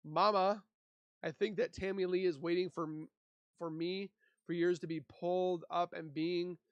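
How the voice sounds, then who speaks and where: A man's voice: sits high, little pitch movement, normal speed, smooth, no echo, muffled recording. A man from Minnesota hosting a casual livestream, chatting and reading viewer comments aloud into a desk mic. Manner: chatty, reads and answers chat aloud. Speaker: livestream host.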